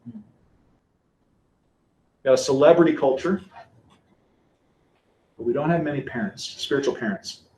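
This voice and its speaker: Animated man lecturing in echoey room. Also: a little high, a little slow, pauses often. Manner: conversational, animated, acts out quotes. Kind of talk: church teaching lecture. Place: lecture room with a live audience.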